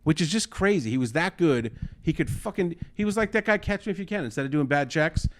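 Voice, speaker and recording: Animated, swearing male storyteller. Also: on the high side, a little fast. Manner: animated storyteller, acts out quotes, swears often. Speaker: podcast co-host. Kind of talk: casual chat.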